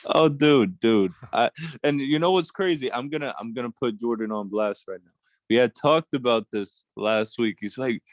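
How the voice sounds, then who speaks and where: A man's voice: mid-range voice, normal speed, no room sound. A man co-hosting a casual video-call chat, loose and laid-back, running on little sleep. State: short on sleep.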